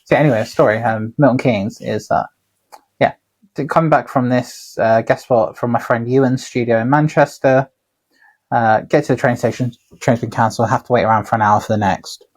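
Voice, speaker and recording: A husky-voiced man co-hosts a casual podcast, winding through long anecdotes with loose asides and the odd curse. His voice sits at a middling pitch with a slightly rough, breathy edge. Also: fairly even intonation, fairly quick. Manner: rambling, sweary anecdotes. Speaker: podcast co-host, tattooer. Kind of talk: casual storytelling chat.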